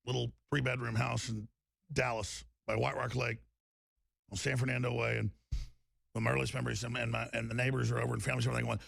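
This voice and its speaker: A man hosts a radio show in an emphatic, rambling monologue, stumbling over repeated words as he pushes his point. His voice is heavily gravelly, with a mid-range pitch. It is recorded close and dry in a studio. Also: little pitch movement, fast talker, fairly bright tone, no room sound. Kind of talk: impassioned talk-radio monologue.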